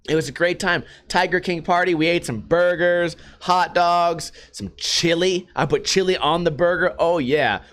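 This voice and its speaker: A man telling stories about his week in a casual, profane vlog monologue, animated and swearing often. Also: sits high. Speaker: vlogger.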